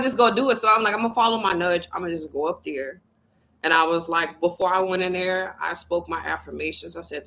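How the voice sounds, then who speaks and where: A young adult woman giving a casual, profane motivational talk to her viewers, telling a story with lively quoted voices. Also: fairly low pitch, rough recording. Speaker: spiritual vlogger.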